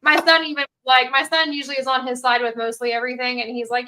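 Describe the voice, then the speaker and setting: A woman's voice: sits high, little pitch movement, fast, bright, forceful tone, low-quality recording. A woman guest on a podcast, chatting candidly and casually, with lots of "like". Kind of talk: casual chat.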